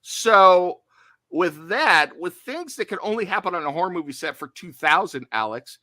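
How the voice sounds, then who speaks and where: Man, podcast co-host, lively swooping pitch, bright voice, dry close mic, jokey. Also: normal speed, no room sound. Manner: animated, jokey, self-deprecating. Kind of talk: casual horror podcast chat.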